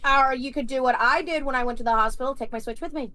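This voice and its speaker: A woman's voice: sits high, quick pace, pushed and bright. A woman co-hosting a podcast, joking and blunt in casual chat. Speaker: podcast co-host.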